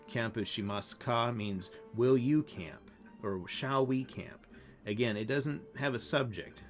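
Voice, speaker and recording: A man who is losing his voice, explaining grammar in a casual, halting way while playing a game. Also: on the low side. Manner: relaxed, halting explanations with fillers. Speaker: language teacher. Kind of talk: casual gameplay lesson.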